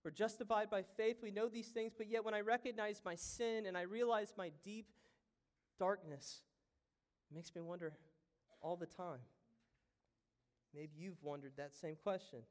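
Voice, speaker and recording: A male pastor preaching a sermon, moving from hushed, reflective lines to loud, fervent ones. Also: high voice, fairly even intonation, moderate pace, pauses often. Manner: impassioned preaching with wide swings from hushed to loud. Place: church sanctuary.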